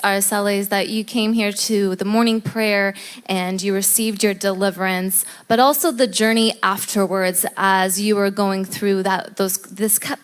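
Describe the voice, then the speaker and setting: A woman's voice: medium pitch, a bit bright. A woman interviewing a guest at church, emphatic and answering with repeated amens.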